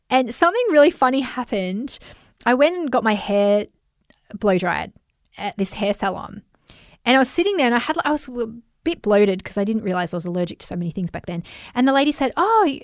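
A woman with an Australian accent hosting a podcast, telling stories in a chatty, animated way and acting out the voices of people she quotes. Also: mid-range voice, dry recording, studio quality. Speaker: podcast host. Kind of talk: casual storytelling monologue.

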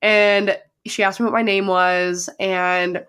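A woman's voice: mid-range voice, little pitch movement, slow pace, a bit bright, smooth. Young female podcast co-host, casual fangirl chat, peppered with "like", slight cold. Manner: gushing, heavy use of "like". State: sick with a sore throat.

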